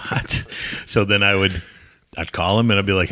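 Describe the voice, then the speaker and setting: A low-pitched man from New England recounts his old wrestling days as a podcast guest. He rambles through blunt, profane anecdotes, jumping into other people's lines as he goes. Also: wildly swooping pitch, normal speed, long pauses, bright, forceful tone. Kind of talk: casual storytelling interview.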